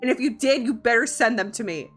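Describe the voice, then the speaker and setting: A woman's voice: on the high side, fast talker, fairly bright tone, faint music behind. A young woman streaming from home, chatting casually with her viewers, giggling often and swearing freely. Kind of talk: casual live-stream chat.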